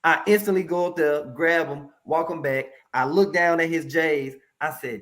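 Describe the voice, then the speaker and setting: A man speaking as a mental health professional in a casual interview, telling stories in a lively, colloquial way and addressing the audience directly. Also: fairly high pitch, normal speed, few pauses. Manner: animated, colloquial, preachy asides to the audience.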